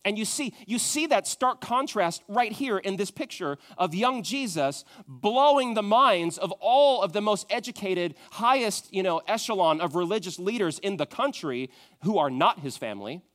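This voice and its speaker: A man preaching a sermon, moving from loud emphatic questions to a soft, hushed tone. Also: high-pitched, lively intonation, moderate pace, few pauses. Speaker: pastor.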